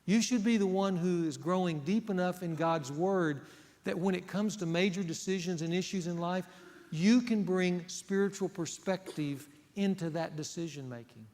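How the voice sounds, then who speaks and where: A male pastor delivers a sermon with earnest emphasis, pressing hard on key words and then dropping to a near hush. His voice sits on the high side for a man. It rings out with a long reverb, as if it fills a large church sanctuary. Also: moderate pace. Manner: earnest, emphatic preaching that swings between loud and hushed.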